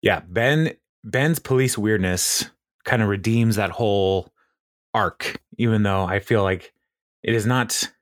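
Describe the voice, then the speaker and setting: A man's voice: on the low side, takes it slowly, no echo, studio quality. A man hosting a podcast, casually recapping a TV episode in a rambling way, stopping often to act out lines and laugh. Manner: rambling, lots of fillers and laughs, acts out quotes. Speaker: podcast host.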